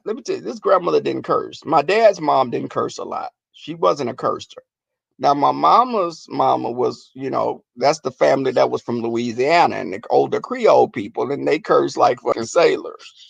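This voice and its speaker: High, animated storytelling man. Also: vocal fry, slightly rough, no echo, muffled recording. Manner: animated, profane, laughing storyteller. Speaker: vlogger. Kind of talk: comic storytelling.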